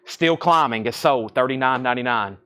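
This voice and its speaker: A man's voice: medium pitch, a little fast, pushed and bright, smooth. A man with a Southern US accent hosting a live record sale, rattling off titles, conditions and prices. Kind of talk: live-stream auctioneering. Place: record shop.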